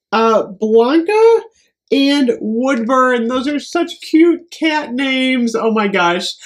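A middle-aged American woman chats her way through a mail unboxing, gushing over each item. She sounds excitable and warm-hearted, with little laughs running through her talk. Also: medium pitch. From United States. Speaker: beauty vlogger. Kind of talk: casual unboxing chat.

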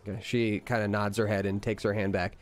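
A male game master narrating a tabletop fantasy session, his voice on the low side. He pauses often with fillers as he describes what characters do, and soft music plays underneath. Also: flat delivery. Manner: halting narration full of uh and kinda.

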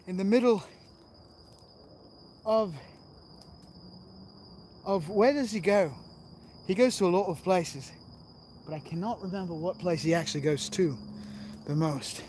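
A man's voice: on the high side, a little mellow, a little hiss or hum. A man vlogging while he explores outdoors, joking around and talking straight to his viewers as he films on a handheld phone. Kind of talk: casual vlog commentary while exploring. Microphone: handheld phone camera.

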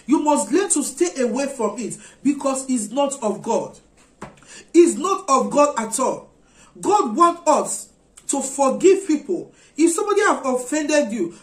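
Woman preaching, high voice, earnest and repeats herself, echoey room. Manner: earnest, repetitive exhortation. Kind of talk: sermon.

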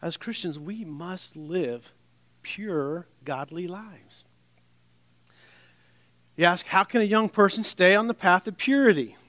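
A man preaching a sermon in a conversational way, with wry asides and restarts, dropping to a soft, low voice on scripture. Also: slow, long pauses, no room sound.

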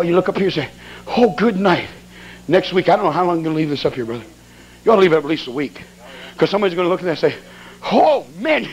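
Excitable folksy preacher, high-pitched and gravelly. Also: male voice, rough recording. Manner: folksy, animated storyteller with sound effects. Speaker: evangelist preacher. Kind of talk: storytelling sermon.

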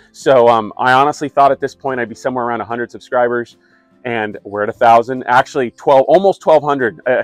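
A man's voice: mid-range voice, dry recording. A middle-aged man, a wastewater plant operator, chatting casually to his viewers with many fillers and wry asides. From California. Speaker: wastewater operator and YouTube host. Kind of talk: casual talk to camera.

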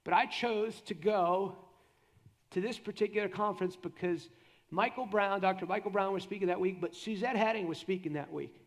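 Gravelly high-voiced male preacher. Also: normal speed. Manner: animated preaching, acts out prayers in a hushed voice. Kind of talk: sermon. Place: church conference session.

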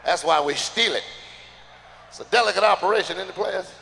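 A man doing loud, profane live stand-up and hosting the show, shouting many of his punchlines. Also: high-pitched, fairly quick, creaky, big-room sound, slight background noise. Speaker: stand-up comedian and show host.

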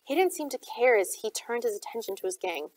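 A woman's voice: fairly high pitch, animated, fairly quick, darkish tone, no echo, low-quality recording. A woman reading a novel aloud, narrating steadily as an audiobook reader.

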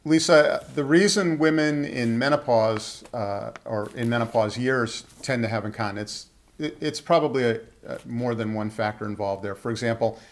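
A middle-aged man who speaks as a urologist, taking viewer questions in a relaxed interview. His voice sits at an ordinary pitch, and he is slow and careful, often stopping on "uh" and "um" to find his words. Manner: measured, hesitant, many fillers. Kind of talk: casual Q&A interview.

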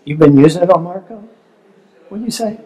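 A man's voice: high-pitched, fairly quick, mellow, poor audio. An older man speaking as a seminar presenter, telling stories in a conversational way and asking the audience questions. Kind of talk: relationship seminar talk.

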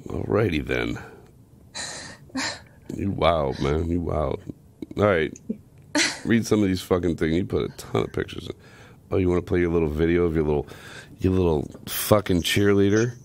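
Very deep-voiced man, crude and teasing. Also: normal speed, pauses often, darkish tone. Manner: crude, teasing, laughs often. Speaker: podcast co-host. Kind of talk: casual chat.

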